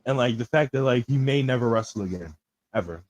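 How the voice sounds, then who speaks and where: A man with a mid-pitched voice describes wrestling segments in excited, loose slang, calling his listener bro. The recording is dry and close, with no room echo. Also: fast. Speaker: podcast co-host. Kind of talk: casual wrestling review chat.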